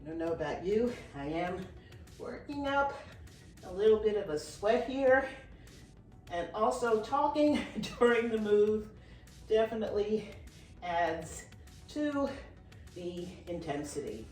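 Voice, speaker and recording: A woman's voice: mid-range voice, expressive, takes it slowly, pauses often, a little mellow. Breathless fitness coach woman over music. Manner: encouraging, counts reps and cues form while exercising. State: slightly out of breath. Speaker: fitness instructor. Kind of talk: workout instruction. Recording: roomy, from a distance, with faint music.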